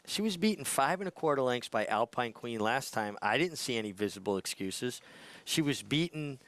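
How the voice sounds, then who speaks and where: A man talking through horse racing picks on a broadcast in an animated, halting way, often restarting and repeating words. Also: medium pitch, dry recording. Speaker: racing handicapper.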